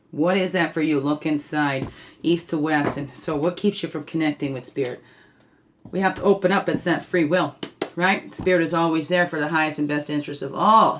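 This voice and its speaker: A woman leading a spiritual guidance talk, meandering and laughing often, checking in with "right?" as she goes. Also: low voice. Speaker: spiritual guide.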